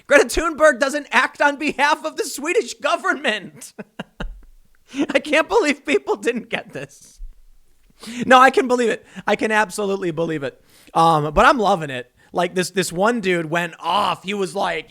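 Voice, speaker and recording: A man hosting a casual commentary vlog, talking in a sarcastic, rambling, animated way. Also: extremely high pitch, unhurried. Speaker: commentary host.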